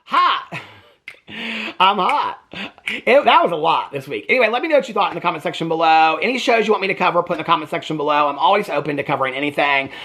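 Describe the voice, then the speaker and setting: A man casually recapping a reality TV episode for his vlog, chatty and animated, acting out the quoted lines as he goes. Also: on the high side, racing, slightly rough. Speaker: TV reaction vlogger.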